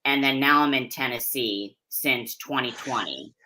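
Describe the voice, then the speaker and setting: Interview guest: young adult woman from Pennsylvania, low pitch, forceful tone, candid and chatty. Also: measured pace, slight background noise, rough recording. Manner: candid, chatty, laughs easily. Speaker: interview guest, figure competitor and posing coach. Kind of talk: casual interview chat.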